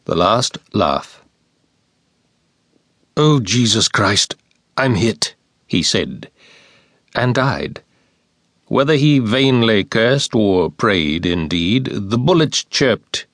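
A man reading war poetry aloud as an audiobook narrator, in a slow, measured and solemn recitation. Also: fairly low pitch, sing-song, fairly bright tone, dry recording, clean studio sound.

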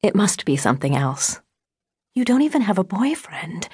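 A woman voicing a frantic mother who questions her teenage daughter in a low, urgent, pleading voice. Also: very animated, normal speed, mellow, slightly rough, dry recording, studio quality. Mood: pressing.

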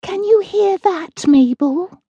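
Woman doing a shy nervous witch, high and soft, hesitant, dry close sound. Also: slow pace, no echo, dull audio, exaggerated voice. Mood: fearful.

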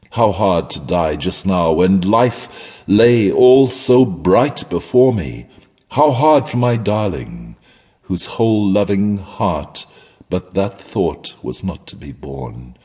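A man narrating a classic horror story in a measured, dramatic storytelling manner. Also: lowish voice, a little mellow, slightly rough, big-room sound. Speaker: audiobook narrator.

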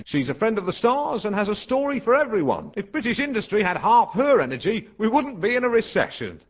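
A man's voice: sits high, big pitch swings, moderate pace, muffled recording. An actor playing an awkward, smug middle-aged male chat show host who fumbles his links and makes clumsy jokes. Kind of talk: studio comedy chat show parody.

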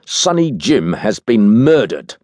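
A man's voice: medium pitch, sing-song, a little slow, darkish tone, no room sound, studio quality, pitched above the performer's own voice. A man voicing a dour, middle-aged chief inspector who speaks grimly and formally in an audiobook. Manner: grim, gruff, formal.

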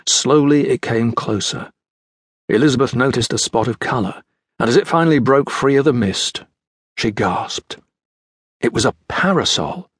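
A male narrator reading a children's adventure audiobook, his voice slightly husky and mid-pitched. The recording is dry and close, with no room around it. He tells the story in a measured, even manner. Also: no echo. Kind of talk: scripted narration.

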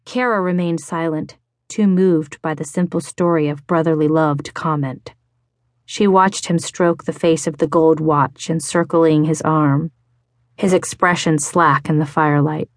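A woman narrating a romance audiobook in a measured, even way, read into a close studio mic in a recording booth. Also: low voice, dry recording. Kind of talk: scripted narration.

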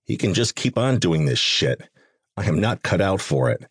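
A man's voice: sits low, big pitch swings, normal speed, husky, dry recording, clean studio sound, full character voice. A man doing a blunt, fed-up vampire king. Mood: exasperated. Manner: blunt, curt and exasperated. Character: impatient grumbling male vampire king.

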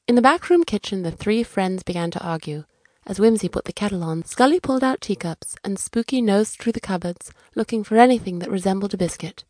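A woman narrating a children's audiobook in a clear, measured storytelling manner. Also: mid-range voice, animated, a little mellow, dry recording, studio quality.

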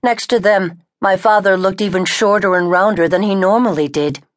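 A woman reading a novel aloud in first person, with measured, even storytelling into a close studio mic. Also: medium pitch, no room sound. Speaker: audiobook narrator. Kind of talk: scripted first-person narration.

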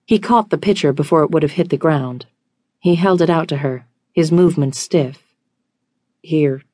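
A woman reading a romance audiobook in an even, measured way. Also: low voice, husky, no room sound, clean studio sound. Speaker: audiobook narrator. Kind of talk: scripted romance narration.

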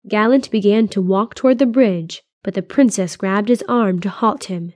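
A woman reading a fantasy audiobook in a steady, even storytelling voice on a close studio mic. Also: medium pitch, moderate pace, few pauses, dry recording. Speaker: audiobook narrator. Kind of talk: scripted fantasy narration.

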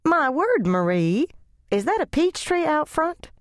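Woman voicing a skinny older church lady, fussy, high-pitched, fluttery, dry close sound. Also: sing-song, measured pace, dry recording. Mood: astonished.

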